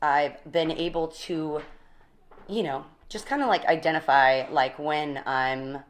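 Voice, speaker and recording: Speaking a little slowly in a low-pitched voice, a woman in her forties shares how she recovered, laughing often during the relaxed interview where she's the guest. She comes across as lively and energetic.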